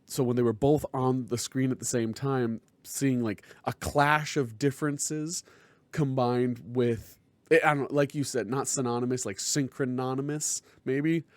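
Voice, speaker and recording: A man's voice: mid-range voice, fairly even intonation, measured pace, no echo. Thoughtful man musing over a show. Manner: thoughtful, searches aloud for the right word. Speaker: podcast co-host. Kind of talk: casual review chat.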